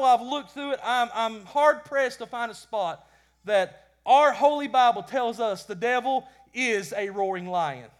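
A man preaching a sermon with passion, swinging between loud bursts and quiet lines, often repeating words as he goes. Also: very high-pitched. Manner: impassioned, rising and falling in loudness; repeats words when stumbling.

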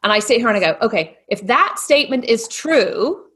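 Husky woman with a mixed British-Texan accent. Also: a little high, a little fast. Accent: mixed British and Texan, sounds Australian. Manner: lively, animated storytelling with put-on voices. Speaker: podcast guest. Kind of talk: casual podcast interview.

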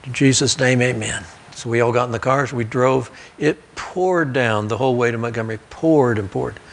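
A man's voice: mid-range voice, moderate pace, creaky. A male pastor, preaching a sermon through folksy personal stories and asides. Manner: storytelling preacher, folksy asides, occasional restarts. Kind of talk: sermon storytelling. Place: church sanctuary.

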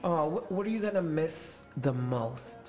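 A man's voice: a little high, animated, a little slow, darkish tone, faint music behind. A man in his late twenties, an actor, chatting with young castmates in a casual, upbeat, playful interview.

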